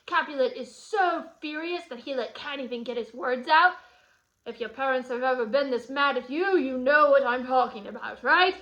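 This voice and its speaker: A teacher with a high, bright voice leads a guided study lesson, describing the scene in a chatty, playful way. She keeps turning aside to address her students, and the recording is rough.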